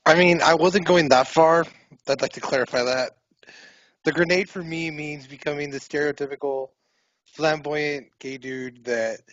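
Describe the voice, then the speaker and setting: A man's voice: fairly high pitch, fairly even intonation, moderate pace, a bit bright, no echo. A man co-hosting a podcast, dryly correcting and adding wry comments. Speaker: podcast co-host. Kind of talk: casual chat. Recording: dry, dull lo-fi audio.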